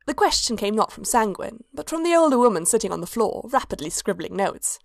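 A woman narrating a story in a steady, even reading voice. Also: fairly high pitch, brisk, creaky, hardly any pauses, dry recording, clean studio sound.

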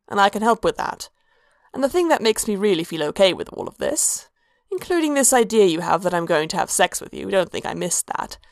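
A wry, sharp-tongued dark elf woman, as a woman reader puts her on, dry and knowing in a storybook reading. The voice has a gravelly, creaky grain and sounds close and dry. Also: mid-range voice, no room sound. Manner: dry, wry delivery, slightly above her narration.

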